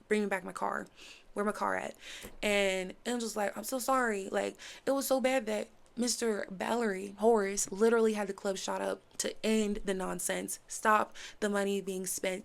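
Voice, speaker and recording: Gravelly woman chatting animatedly. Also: mid-range voice. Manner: animated, acts out characters' lines. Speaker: show reviewer. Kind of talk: casual chat.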